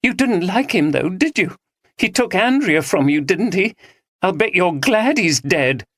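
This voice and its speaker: A narrator voicing a distraught young woman who is crying and pleading in a high, trembling voice. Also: lively intonation, unhurried, fairly bright tone, dry recording, clean studio sound. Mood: hostile.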